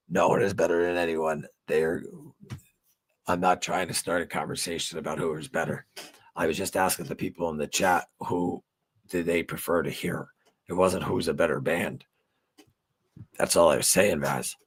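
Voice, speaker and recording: A man's voice: low-pitched, husky. A middle-aged man hosting a livestream, chatting loosely with viewers, rambling with lots of fillers and swearing freely. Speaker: livestream host. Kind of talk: casual livestream chat with viewers.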